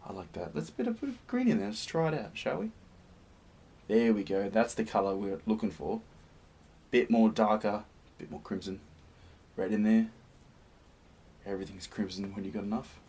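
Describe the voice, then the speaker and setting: A man hosting a painting demonstration, gentle and encouraging, often sinking to a soft near-whisper. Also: on the low side, animated, moderate pace, pauses often, breathy edge. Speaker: painting tutorial host. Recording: slightly distant mic with faint hiss.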